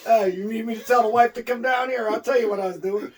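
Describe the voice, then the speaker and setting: A man's voice: extremely high pitch, steady tone, quick pace, recorded from a distance. A man co-hosting a casual chat, breaking in with jokes and asides. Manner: joking interjections. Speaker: co-host.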